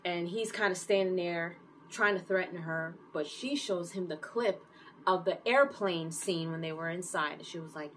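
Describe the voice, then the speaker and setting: A woman giving a casual, animated recap of a TV episode, full of fillers and open emotional reactions. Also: lowish voice, a little slow, slight background noise, poor audio. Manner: animated storytelling with many fillers. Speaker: TV series reviewer.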